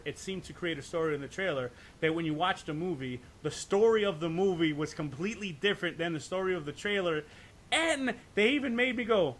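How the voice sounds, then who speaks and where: A man's voice: a little high, fairly bright tone. A man co-hosting a podcast, talking in a loose, profane ramble, often checking in with "right?" and stumbling over restarts. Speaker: podcast co-host. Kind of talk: casual podcast discussion.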